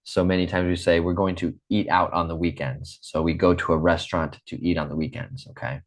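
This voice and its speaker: Low-voiced male English teacher, patient and deliberate, leading repetition drills over a video call. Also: flat delivery. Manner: slow, patient, repeats drills for students. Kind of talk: online English lesson.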